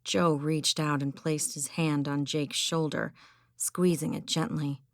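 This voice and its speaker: Audiobook narrator, woman, low gravelly voice, even scripted delivery, dry close mic. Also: a little slow, no room sound. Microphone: close studio mic.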